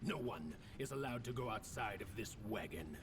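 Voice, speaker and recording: An actor playing a pompous male crow agent leader with a booming movie-trailer voice, giving commands in a game. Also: expressive, moderate pace, very noisy, lightly acted. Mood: commanding. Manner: commanding, announcing.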